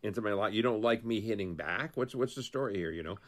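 A man's voice: fairly low pitch, animated, quick pace. A man talking politics casually as a co-host, rambling and restarting his sentences, acting out quotes and stories as he goes.

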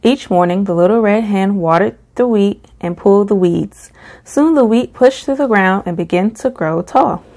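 A woman reading a children's picture book aloud at a slow, gentle pace. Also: mid-range voice. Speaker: storybook reader.

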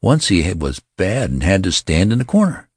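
A man reading a story aloud as narrator, with expressive storytelling. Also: low voice, normal speed, husky, no room sound, clean studio sound. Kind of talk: scripted audiobook narration.

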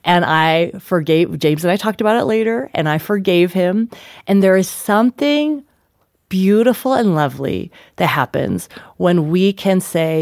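Woman in her thirties, lively storyteller, dry close sound. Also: fairly low pitch, a little slow, no echo. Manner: animated, acts out quotes with laughs. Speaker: author and guest. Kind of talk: casual storytelling.

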